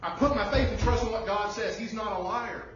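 A man's voice: sits high, brisk, a little hiss or hum. A man preaching an emphatic sermon as pastor, firing off rhetorical questions to the congregation. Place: church sanctuary. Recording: distant, muffled, very echoey room.

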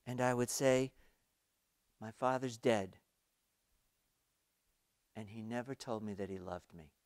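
A man voicing a young son who speaks quietly and earnestly to his father in a sermon illustration. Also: medium pitch, takes it slowly, no echo, clean studio sound. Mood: pleading.

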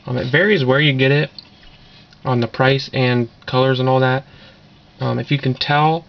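Man with a gravelly voice, rambling unboxing. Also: medium pitch, steady tone, normal speed. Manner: rambling, offhand, filler-heavy. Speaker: vlogger doing an unboxing. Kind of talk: casual unboxing commentary. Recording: dull lo-fi camera audio with noise.

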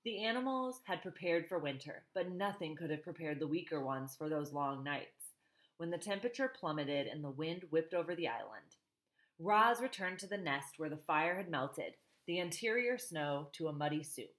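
A woman's voice: low voice, animated, moderate pace. A woman reading a novel aloud, stopping for chatty asides to her listeners. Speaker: reader.

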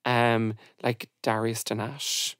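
A woman hosting a podcast, chatting in a lively, storytelling way. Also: a bass voice, takes it slowly, dry recording. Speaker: podcast host. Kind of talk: casual chat.

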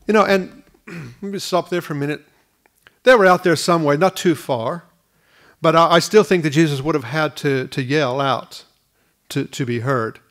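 A man's voice: a little high, moderate pace, a bit bright. Earnest man preaching a sermon. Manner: earnest, repeats words at restarts. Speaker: pastor. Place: school hall used for church.

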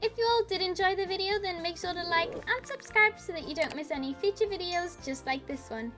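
A woman's voice: very high voice, fairly quick, over music. A young woman playing a game and commenting with squeals, gasps and laughter, calling her partner sis. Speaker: gaming YouTuber. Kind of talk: excited roleplay gameplay commentary.

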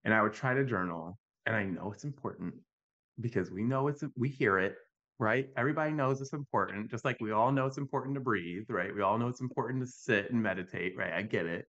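A man with a fairly low voice tells stories on a podcast. He sounds animated and conversational and keeps checking in with a quick "right?". The audio is dull and a little lo-fi. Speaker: podcast guest, youth mental health advocate. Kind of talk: conversational storytelling.

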